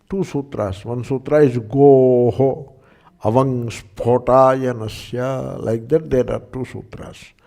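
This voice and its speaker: Older Indian man teaching with gravelly voice. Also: mid-range voice, warm tone. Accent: Indian English. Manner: explanatory, checking in with listeners, occasional fillers. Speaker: Sanskrit teacher. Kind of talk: lecture on scripture and grammar.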